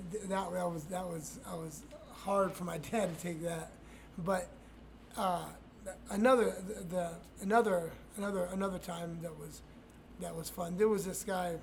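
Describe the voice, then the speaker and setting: A man's voice: high voice, creaky, a little mellow, a little hiss or hum. A middle-aged man, a retired fighter, telling profane, rambling stories in a casual interview, with many restarts and laughs.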